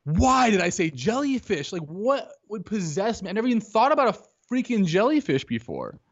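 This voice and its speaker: Animated man telling a story, slightly high. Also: fairly quick, dull audio. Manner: animated storyteller acting out quotes, lots of "like". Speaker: podcast guest. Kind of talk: casual storytelling interview.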